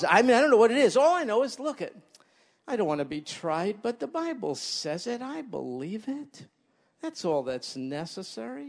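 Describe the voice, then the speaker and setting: A man delivers a sermon with animation, often turning to his listeners with questions. His voice is high and very lively in pitch. A long reverb trails behind him, as in a large hall. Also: gravelly. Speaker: preacher.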